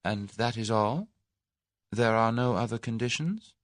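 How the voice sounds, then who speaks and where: A man reading an audiobook voices a spirited, wary young Englishwoman, raising his voice and giving quick, plucky retorts. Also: mid-range voice, no echo, clean studio sound, pitched above the performer's own voice, close to an everyday voice.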